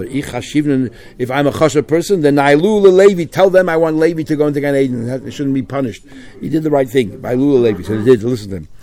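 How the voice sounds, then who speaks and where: A man leads a Talmud class at a brisk clip. He reads each phrase in the original, then talks it through in English. His voice has a dark, mellow tone. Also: medium pitch. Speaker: Talmud teacher. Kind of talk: Talmud class, reading Aramaic and translating.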